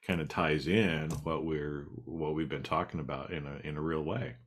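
A man in casual conversation, relaxed and profane, breaking into loud laughs. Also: rumbling low, normal speed. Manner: laid-back, swears, laughs loudly. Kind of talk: casual chat.

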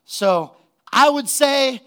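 A man, a pastor, preaching a sermon and telling a funny story in an animated way, laughing at his own jokes. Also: very high voice, very slow, clean tone. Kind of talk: sermon with a humorous personal story.

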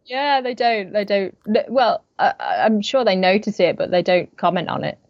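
A woman's voice: medium pitch, normal speed, no room sound, lo-fi sound. A British woman, an actress, chatting casually in an interview, laughing often and rambling as she thinks. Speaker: actress, guest.

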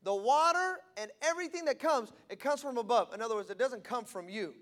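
High-voiced male preacher, emphatic sermon. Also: lively intonation, brisk, a bit bright. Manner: emphatic and repetitive, stressing key phrases. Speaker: pastor. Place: church before a live congregation.

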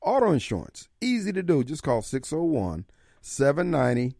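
A man's voice: a little high, huge pitch swings, moderate pace, vocal fry, dark tone, dry recording, studio quality. A man hosting a radio talk show, folksy and fiery, taking callers and giving warnings. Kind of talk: talk radio monologue and call-in.

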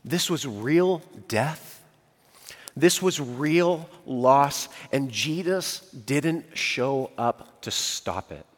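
A man preaching a sermon, dramatic, dropping to a hush and then rising to emphatic outbursts. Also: medium pitch, animated, extremely slow. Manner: dramatic, swings from hushed to emphatic. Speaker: pastor. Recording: long hall reverb.

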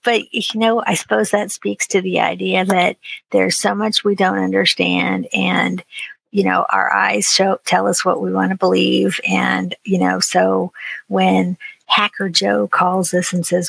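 Woman guest, dry close sound, husky and fry-edged, chatty filler-heavy delivery. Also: mid-range voice, normal speed, no echo, low-quality recording. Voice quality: chatty, many "you know" fillers, animated retellings. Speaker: podcast guest. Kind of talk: casual conversational chat.

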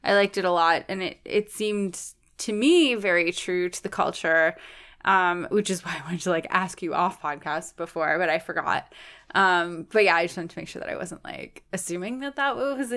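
A woman with a Canadian accent, co-hosting a casual podcast and talking about a film in a chatty, animated way with lots of "like.". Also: lowish voice, moderate pace. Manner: chatty, heavy use of "like", animated. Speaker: podcast co-host.

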